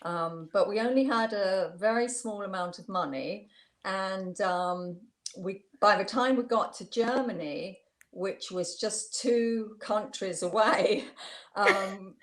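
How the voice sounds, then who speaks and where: Amused older woman telling a story. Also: mid-range voice. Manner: warm, amused, laughs while telling stories. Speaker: guest. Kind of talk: storytelling interview.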